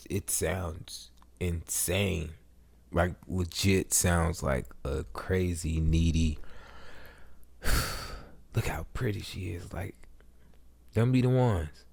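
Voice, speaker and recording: Slow, laid-back man reacting. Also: sits low, darkish tone. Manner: laid-back, laughing, drawn-out interjections. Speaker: co-host. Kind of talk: casual reaction chat.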